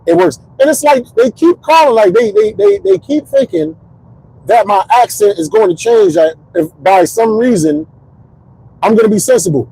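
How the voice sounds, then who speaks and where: Man, 30s, comedian host, casual rambling monologue, gravelly husky voice, very lively pitch. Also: normal speed, no echo, rough recording. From Connecticut, US. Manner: rambling, animated storytelling. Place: parked car.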